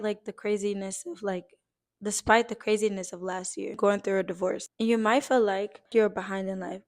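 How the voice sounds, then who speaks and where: A young woman speaks straight to her viewers in a heartfelt, casual vlog. She sounds earnest and emotional, like she is holding back tears. Her talk is loose and chatty, full of "like" and the odd swear word. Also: mid-range voice. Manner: casual, uses fillers like "like" and swears lightly. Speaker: vlogger.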